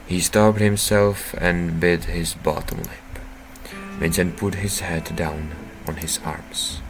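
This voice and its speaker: A man playing through a visual novel, reading the narration aloud and breaking into loud, profane reactions. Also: low-pitched, steady tone, takes it slowly, low-quality recording. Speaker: game streamer. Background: faint game music.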